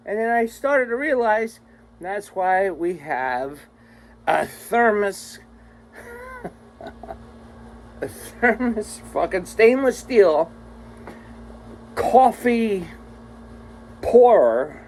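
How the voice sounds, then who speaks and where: A man's voice: high voice, slow, long pauses, low-quality recording. A man vlogging a rambling, exasperated, profanity-heavy rant to his viewers. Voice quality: crude, swears constantly, exasperated.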